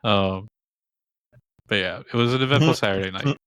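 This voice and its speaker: A young man co-hosting a podcast, telling a story in casual chat, animated and swearing, his voice jumping high when he quotes others. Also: normal speed, clean tone, dry recording, clean studio sound. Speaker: podcast co-host. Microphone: headset.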